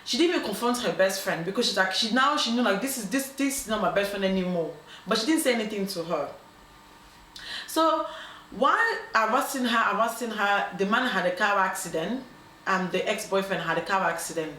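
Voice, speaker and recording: With a medium-pitched voice and a brisk pace, a woman acting as host tells a dilemma story in a casual, animated manner. She dramatizes the quoted voices and often breaks off on "um" to restart. The sound is echoey, as if in a large room, with faint noise behind her.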